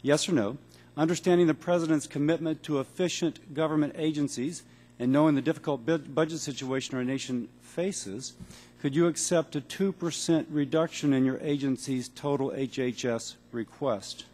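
A man who is a congressman and physician, questioning a witness at a hearing in a brisk, auctioneer-like way with blunt yes-or-no questions. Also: a little high, darkish tone. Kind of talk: rapid-fire hearing questions. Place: large hearing room.

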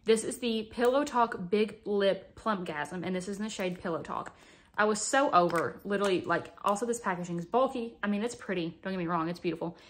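A woman's voice: mid-range voice, a little fast. A young adult woman doing a casual makeup vlog, chatty and dramatic with playful exaggeration, talking close to the camera at home. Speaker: beauty vlogger.

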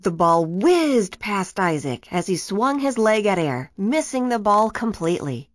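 A woman reads a children's storybook aloud with an animated, lively pitch. She narrates expressively, and the sound is close and dry. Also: a little slow, dry recording. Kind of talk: children's book read-aloud.

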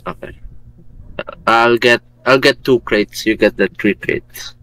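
A man's voice: medium pitch, steady tone, unhurried, fairly bright tone, no echo, rough recording. A man playing a tabletop game, talking casually and asking unsure questions. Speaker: player.

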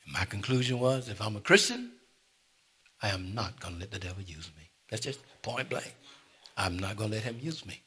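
An older man preaching a sermon to his congregation in church, shifting from quiet asides to loud emphatic declarations. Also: fairly low pitch, fairly quick, husky. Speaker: pastor.

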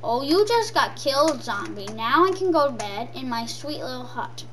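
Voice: sits high, big pitch swings, moderate pace, a bit bright. A gameplay commentator talking in a silly, sing-song way and repeating lines over and over. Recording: distant from the mic, faint noise.

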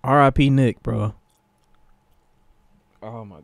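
A man streaming live, reacting to TV clips with animated, profane commentary and bursts of laughter. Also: mid-range voice, takes it slowly, vocal fry, no echo, clean studio sound.

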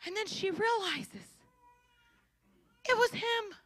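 A woman giving a storytelling sermon at a church conference, animated and acting out the people in her story. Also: very high-pitched, takes it slowly, no room sound. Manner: animated, acts out characters' voices. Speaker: conference speaker. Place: church hall.

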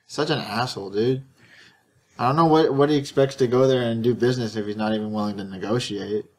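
A man chatting casually on a podcast, circling through a long story and restarting his sentences. His voice sits at an ordinary middle pitch for a man. He talks like he is among friends. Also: brisk, darkish tone. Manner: rambling storyteller, frequent restarts and stammers. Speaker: podcast co-host. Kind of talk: casual chat.

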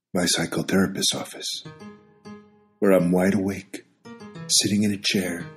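A man narrating a scripted memoir in a dry, wry storytelling manner. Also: low-pitched. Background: guitar music.

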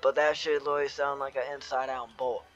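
A man's voice: mid-range voice, flat delivery, fast, lo-fi sound, a loud crowd. A young man in casual gaming chat, laid-back and swearing a lot, talking into a headset. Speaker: gamer.

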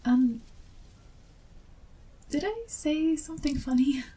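A woman's voice: high-pitched, lively intonation, slow pace, mellow. A woman voicing an awkward young female fan who meets her favorite author, in a whispered role-play with self-deprecating, apologetic chatter. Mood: flustered.

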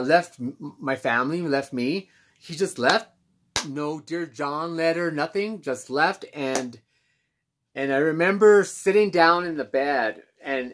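A man speaking candidly as host of his own self-help channel, reflective and halting with many pauses and restarts. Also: medium pitch, fairly bright tone. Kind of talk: candid personal monologue.

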